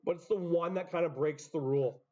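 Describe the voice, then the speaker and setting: A man lectures a class on chemistry, walking through each rule step by step and dropping casual asides. His voice sits a little high but sounds mellow and soft-edged. The recording is muffled and lo-fi, as if captured in a classroom. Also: a little fast. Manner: explains step by step, self-interrupting asides. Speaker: high school chemistry teacher.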